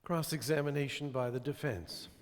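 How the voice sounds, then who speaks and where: A man's voice: mid-range voice, moderate pace, slight background noise, close to an everyday voice. A man playing a judge who makes formal courtroom announcements in a church play. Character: male judge presiding over a courtroom. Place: church sanctuary. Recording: distant voice with long church reverb.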